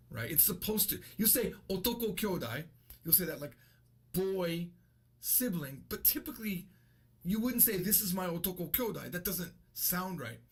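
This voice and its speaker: Here a thirtysomething American language teacher rambles casually through a video lesson, chatting and correcting himself along the way. The voice is somewhat high and slightly rough.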